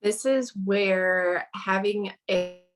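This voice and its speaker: A woman's voice: mid-range voice, extremely slow, over music, low-quality recording. A woman speaking as a guest in a casual interview over a video call, earnest and chatty with lots of fillers.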